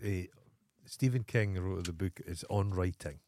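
A man's voice: deep voice, unhurried, a little mellow, no room sound, clean studio sound. A Scottish man co-hosting a podcast in casual chat, ranting emphatically and swearing freely. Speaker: podcast co-host.

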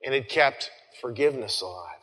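A man preaching an Easter sermon as pastor, talking conversationally with frequent restarts and soft trailing phrases. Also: medium pitch, animated, normal speed, slightly rough. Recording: long hall reverb.

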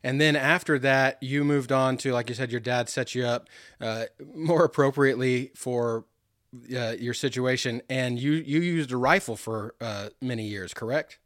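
A man interviewing a guest, often laughing and pausing on hesitant fillers as he sums up. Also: mid-range voice, fairly bright tone, no room sound, clean studio sound. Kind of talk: interview conversation.

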